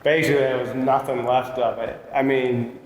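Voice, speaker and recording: A man's voice: mid-range voice, flat delivery, normal speed, over a noisy crowd, heavy background noise. A man, a homeowner, talking casually in an interview. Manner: casual, conversational. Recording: roomy echo.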